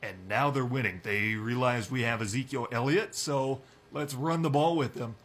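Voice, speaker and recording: A young man hosting a sports radio show, talking football in a brisk, opinionated way. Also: medium pitch, fairly bright tone. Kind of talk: casual sports talk.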